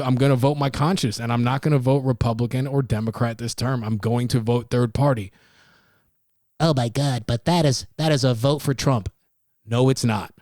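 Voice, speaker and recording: A man's voice: medium pitch, a little mellow, no room sound, clean studio sound. A man hosting a casual solo podcast, talking bluntly and profanely, rambling with restarts. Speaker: podcast host.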